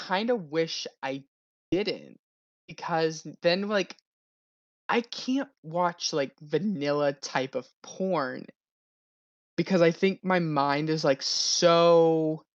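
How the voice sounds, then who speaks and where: A man's voice: a little high, a bit bright, no room sound. A young man speaks as a podcast guest in a candid, rambling way, often breaking into giggles. His recording sounds dull and lo-fi. The sound is close and dry. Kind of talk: casual podcast chat.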